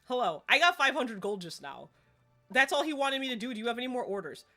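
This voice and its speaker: A woman's voice: fairly high pitch, expressive, fast, pushed and bright. A woman live-streaming a game in casual chat, rambling along and laughing often. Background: faint game music.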